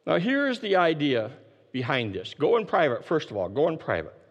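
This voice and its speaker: A man preaching a sermon, emphatic and repeating his key phrases, dropping his voice low to stress a point. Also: huge pitch swings, moderate pace, long reverb tail, highs cut off. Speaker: pastor.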